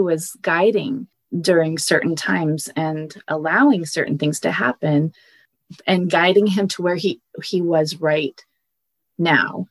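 A woman's voice: deep voice, slow pace, no room sound. A woman reading a storybook passage and then explaining it as a podcast guest, tearful and hesitant. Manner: hesitant, restarts often when explaining. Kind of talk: storybook reading and casual chat.

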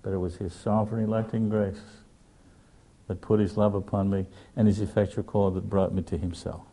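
A man's voice: lowish voice, flat delivery, brisk, warm tone. An older man preaching a sermon, telling stories in an earnest, direct way. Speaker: pastor.

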